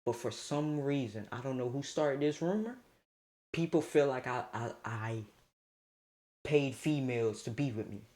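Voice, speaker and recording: A young man spins a wild storytime on a casual livestream, chatting straight to his viewers. He is animated and laughs a lot, and his pitch shoots up in sudden outbursts. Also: a little slow. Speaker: streamer.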